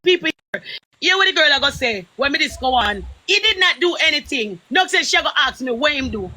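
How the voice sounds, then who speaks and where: A woman's voice: high-pitched, animated, a little fast, pushed and bright. A woman with a Jamaican accent on a live stream, ranting and cursing furiously in patois. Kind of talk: heated live stream argument.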